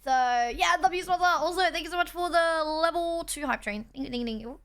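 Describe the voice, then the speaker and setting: A young Australian woman livestreams indoors on a borrowed setup, chatting casually, reading her chat, and thanking viewers. Her high-pitched voice moves at normal speed with a fairly bright tone.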